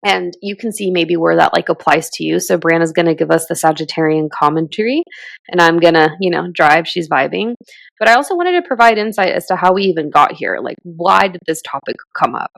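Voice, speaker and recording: A woman's voice: on the low side, expressive, a little fast, creaky, a bit bright, no echo. A woman in her thirties co-hosting a podcast, talking in a rambling, reflective way full of fillers. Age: 30s. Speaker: podcast co-host. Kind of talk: casual chat.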